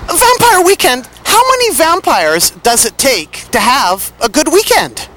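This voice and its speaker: A man's voice: extremely high pitch, sing-song, measured pace, pushed and bright, a little hiss or hum. A man interviewing a band outdoors, asking playful, jokey questions.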